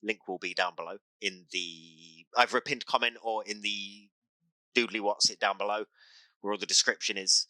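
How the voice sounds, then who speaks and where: A British man hosts a casual podcast chat, earnest and full of advice, often circling back to restart his sentences. His voice sits a little low but rings very bright. The sound is dry and close. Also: fairly even intonation, normal speed, no echo, low-quality recording. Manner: earnest, advice-giving, repeats and restarts phrases. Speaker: dungeon master and podcast host.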